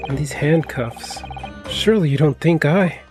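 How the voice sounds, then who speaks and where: A man's voice: fairly high pitch, a little slow, over music, voice pushed up, close to an everyday voice. A man voicing a flustered young man, panicky and exclaiming. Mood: panicked. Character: flustered young male law student hero.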